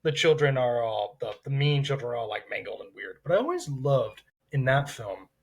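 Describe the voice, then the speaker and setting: A man with a husky, somewhat raspy voice chats as a podcast co-host. He speaks in thoughtful, drawn-out phrases at a middle pitch. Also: very animated. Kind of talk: casual podcast discussion.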